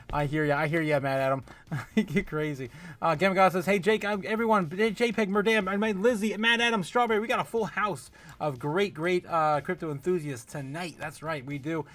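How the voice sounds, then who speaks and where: High voiced guy running a chill livestream, laughing a lot, rambling, saying hi to chat. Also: fairly bright tone. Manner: laughs often, greets chat members by name, rambling with many fillers. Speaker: livestream host. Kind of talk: casual livestream chat reading viewer comments.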